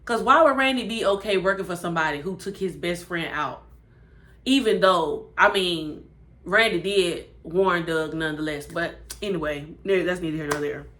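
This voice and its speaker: Woman reviewer, animated and chatty, acts out lines while recapping an episode. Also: on the low side, moderate pace. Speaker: TV show reviewer.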